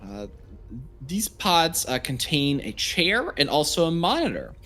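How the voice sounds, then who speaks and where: Halting casual male game master. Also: on the high side, big pitch swings, bright, forceful tone. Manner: casual, filler-heavy, halting. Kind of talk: narrating a tabletop game.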